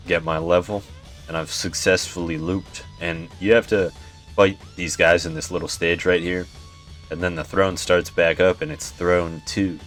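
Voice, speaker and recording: A man's voice: deep voice, fairly bright tone. A young man giving laid-back gameplay commentary, swearing often, chuckling and sounding tired. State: yawning, tired. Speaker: gaming YouTuber.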